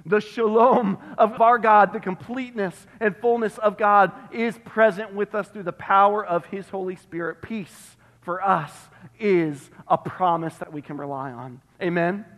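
A male pastor delivering an emphatic sermon, repeating phrases and dropping to a hush on key words, recorded in a church sanctuary. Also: sits high, steady tone, a little slow, few pauses. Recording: long reverb of a church hall.

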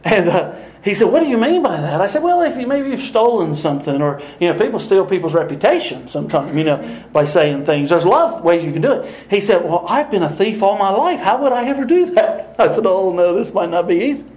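Animated older male preacher, high voice. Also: brisk, few pauses, reverberant, poor audio. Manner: animated, laughing often, acting out dialogue. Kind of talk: sermon with storytelling.

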